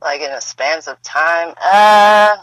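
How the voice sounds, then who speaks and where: A woman chatting casually as a podcast guest, laid-back and quick to laugh, swearing freely. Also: on the low side, a bit bright, dry recording, poor audio. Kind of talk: casual chat.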